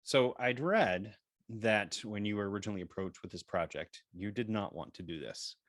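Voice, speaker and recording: A man's voice: fairly low pitch, moderate pace, fairly bright tone. A man interviewing an actress, with short listening replies between questions.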